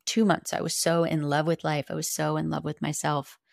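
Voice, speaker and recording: A woman's voice: sits low, level tone, brisk, vocal fry, dry recording, studio quality. A woman guest on a podcast, earnestly and candidly telling a personal story, with casual swearing.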